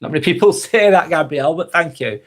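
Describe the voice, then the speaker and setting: A man's voice: fairly high pitch, fast, a bit bright. A man in his forties from near Manchester, with a Lancashire accent, hosting a casual live vlog and answering viewers by name. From Northwest England. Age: 40s. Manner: reads viewer comments aloud and answers each by name, friendly and reflective. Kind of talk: casual live-stream chat.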